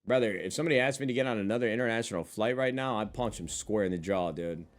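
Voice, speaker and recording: This male streamer talks fast in a lowish voice, sitting at a desk in front of a monitor. He banters casually with viewers, cursing and joking as he reads and responds to the chat.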